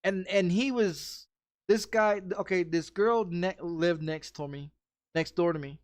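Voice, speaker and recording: A man's voice: high voice, unhurried, dry recording, clean studio sound. A man telling a rambling story in casual chat, swearing often and repeating himself with frequent restarts. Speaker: streamer.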